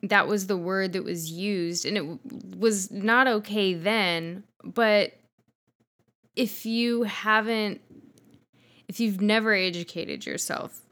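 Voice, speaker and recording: A woman's voice: mid-range voice, steady tone, slow pace, fairly bright tone. A woman co-hosting a casual podcast over wine, talking frankly and rambling with some swearing. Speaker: podcast co-host.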